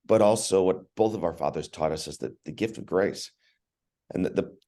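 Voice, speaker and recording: Man, very deep voice, podcast guest, earnest, emotional storytelling, restarts words. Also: moderate pace, warm tone. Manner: earnest, emotional, repeats words when starting. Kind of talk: personal storytelling in conversation.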